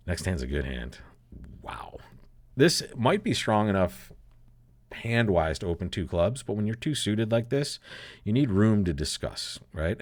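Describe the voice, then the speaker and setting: A man's voice: lowish voice, no room sound. A man giving a casual bridge lesson while he plays, thinking aloud, laughing often and calling his listeners folks. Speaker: bridge teacher. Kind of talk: casual play-along bridge lesson commentary.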